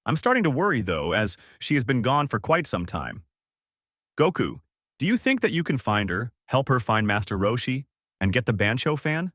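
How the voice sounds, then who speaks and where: A man's voice: mid-range voice, very animated, moderate pace, fairly bright tone, dry recording, studio quality. A man voicing a huge, burly, kindly king with a hearty, talkative manner.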